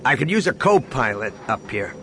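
A man voicing a gruff, grieving starship captain and father, speaking low, quiet and cold. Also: normal speed. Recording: steady background noise.

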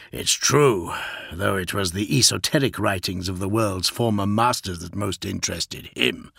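A man voicing a brooding male warlord, grave and proud, speaking low, slow and measured in an audiobook reading. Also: vocal fry, bright, forceful tone, husky, dry recording, clean studio sound, full character voice.

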